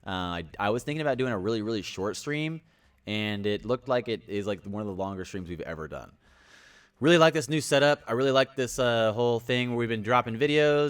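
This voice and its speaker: Energetic man chatting on a livestream. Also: fairly low pitch, clear, resonant tone. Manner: energetic, rambling, greets chatters, sometimes yells. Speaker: livestream host. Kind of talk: casual livestream chat.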